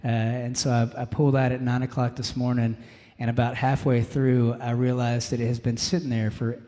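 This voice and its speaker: Speaking a little fast with a flat delivery and a warm, medium pitch, a young singer-songwriter offers loose stage banter between songs, sprinkling in fillers and calling people "man" as he tells stories. The stage mic catches a reverberant live room with music and guitar in the background.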